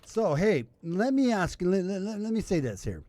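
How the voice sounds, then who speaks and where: A man's voice: high-pitched, sing-song, normal speed, mellow. A man hosting a live stream, a little drunk, chatting loosely with laughs and restarts. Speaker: livestream host. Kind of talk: casual live-stream chat.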